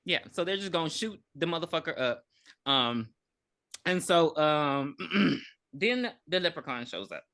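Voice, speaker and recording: Animated profane woman podcast host. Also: deep voice, measured pace. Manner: animated, profane, laughs often. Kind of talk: casual movie recap chat.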